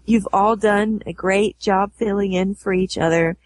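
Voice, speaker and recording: A woman's voice: medium pitch, fairly even intonation, unhurried. A woman co-hosting a podcast, reading listener messages aloud in an upbeat, chatty way.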